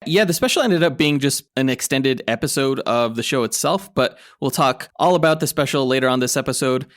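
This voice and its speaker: A man's voice: mid-range voice, animated, brisk, a bit bright, no room sound, clean studio sound. A man co-hosting a comic book podcast, reading show promos and chatting about news. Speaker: podcast co-host. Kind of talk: casual podcast chat.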